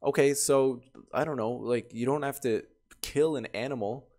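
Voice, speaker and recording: A man reads stories out loud in a mid-range voice, neither high nor low. He keeps stopping to react with bursts of excited, laughing commentary before picking the story back up. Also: normal speed. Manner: animated, laughing reactions between readings. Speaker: YouTuber reading Reddit stories. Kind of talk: reading stories aloud with commentary.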